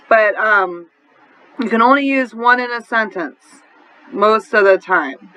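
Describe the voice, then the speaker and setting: A woman's voice: mid-range voice, a bit bright, muffled recording. A woman with a New Orleans accent teaching an adult English class, explaining grammar patiently and often checking in with "right?". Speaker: ESL teacher.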